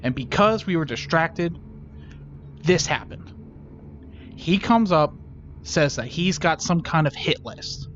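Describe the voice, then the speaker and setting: A man's voice: fairly high pitch, expressive, slow, pauses often, lo-fi sound, a little hiss or hum. A man playing a tabletop game in character, emphatic and swearing. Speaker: player. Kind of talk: in-character tabletop role-play.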